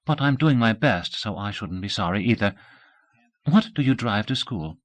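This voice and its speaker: A man reading a novel aloud, voicing a patient female speech teacher in a brisk, coaxing way. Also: lowish voice, animated, lightly acted. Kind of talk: audiobook character voice.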